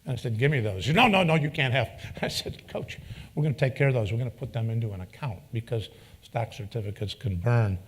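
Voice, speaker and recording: A man's voice: mid-range voice, fast talker, husky. Man telling a folksy story to an audience. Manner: folksy, animated, acts out quoted dialogue. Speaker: keynote speaker. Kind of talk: anecdotal storytelling speech. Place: event venue before an audience.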